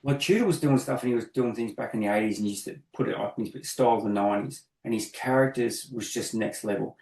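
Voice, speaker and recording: A man's voice: medium pitch, fast talker. A middle-aged Australian man telling anecdotes in casual chat, acting out both sides of each story. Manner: animated, acts out both sides of his anecdotes. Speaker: guest graffiti artist. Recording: echoey room.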